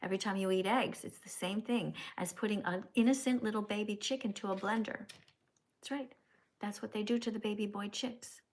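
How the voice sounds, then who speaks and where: A woman's voice: mid-range voice, a little fast. A woman hosting a live stream, chatting casually and lecturing her viewers in a scolding, preachy way, often ending lines with "okay?". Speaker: livestream host. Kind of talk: casual livestream chat and lecturing.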